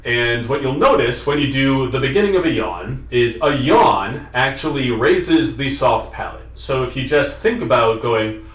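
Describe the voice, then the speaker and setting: A man's voice: mid-range voice, expressive, unhurried, fairly bright tone, roomy sound, distant mic. A man explaining and demonstrating how to fix a nasal voice in an instructional vlog. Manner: explanatory, demonstrates vocal sounds. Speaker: voice coach.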